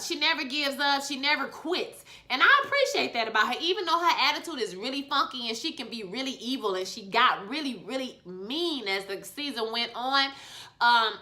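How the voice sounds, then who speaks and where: A woman reviewing a TV episode in a casual vlog, sassy and animated, full of ballroom slang. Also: on the high side. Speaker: TV show reviewer.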